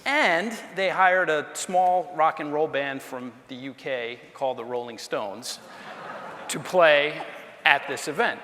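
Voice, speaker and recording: A man, a former presidential aide, telling an anecdote during a lecture in an animated way and acting out the dialogue. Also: a little high, slow, a little hiss or hum. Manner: animated storyteller, acts out quoted dialogue. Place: lecture hall. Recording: reverberant hall sound.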